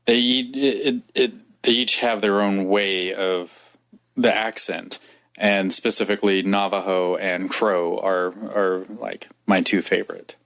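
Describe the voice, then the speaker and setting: Hesitant man with a low voice. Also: fairly even intonation, measured pace, fairly bright tone. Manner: hesitant, restarting sentences. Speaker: podcast co-host. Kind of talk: casual chat.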